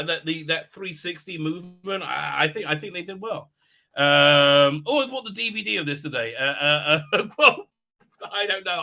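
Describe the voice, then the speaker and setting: Middle-aged male livestream host, rambling casual chat, sharp tense tone, slightly high voice. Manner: rambling, animated, with many restarts. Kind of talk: casual live-stream chat, reading viewer comments.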